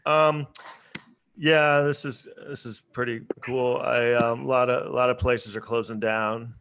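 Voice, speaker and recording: A man doing a stand-up set over a video call, with a halting delivery full of ums and restarts. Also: mid-range voice, little pitch movement, vocal fry, background noise. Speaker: stand-up comedian. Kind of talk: stand-up set on an online live show.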